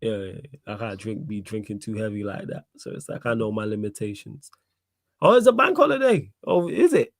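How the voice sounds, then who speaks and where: Gravelly Mancunian man, laid-back banter. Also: on the low side, sing-song, a little fast, no echo. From Manchester, England. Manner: laid-back, laughs often, slangy. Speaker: podcast host. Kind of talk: casual football chat.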